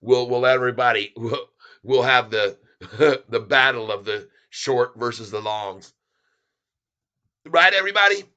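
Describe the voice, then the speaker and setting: Bright-voiced man chuckling through a livestream. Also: mid-range voice, fairly even intonation, measured pace, clean tone, highs cut off. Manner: chuckling often, talking straight to viewers. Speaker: stock livestreamer. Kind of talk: casual livestream, reading chat aloud.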